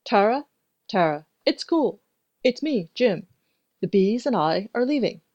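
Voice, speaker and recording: A woman voicing a flustered young male beekeeper who talks in a hurried, pleading way. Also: medium pitch, animated, a little mellow, dull audio, lightly acted.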